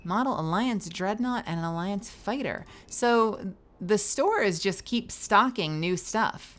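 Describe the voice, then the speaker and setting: A woman streamer chatting playfully through live gameplay commentary, with bursts of squealing and yelling. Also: mid-range voice, animated, takes it slowly.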